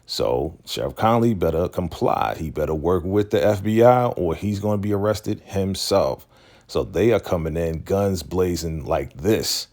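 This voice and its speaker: Deep gravelly man animatedly recapping a show. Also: unhurried. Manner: animated, acts out the characters. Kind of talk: casual TV episode recap.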